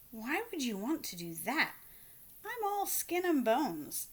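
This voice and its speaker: A calm, clever goat from a storybook, voiced by a woman reading aloud, talks his way out of trouble in a steady, raised voice. He sounds sensible and unhurried. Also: exaggerated voice. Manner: steady and reasoning, raised pitch.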